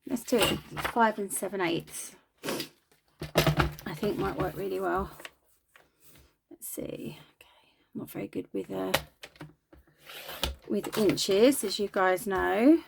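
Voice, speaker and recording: A woman's voice: mid-range voice, takes it slowly, gravelly, pauses often, heavy background noise. A woman chatting casually while crafting, self-deprecating and talking as she works. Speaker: craft video host.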